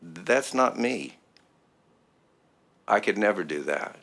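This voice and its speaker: A man's voice: fairly low pitch, expressive, takes it slowly, fairly bright tone. A middle-aged man preaching a sermon in an emphatic, rhythmic style built on repeated phrases. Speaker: pastor.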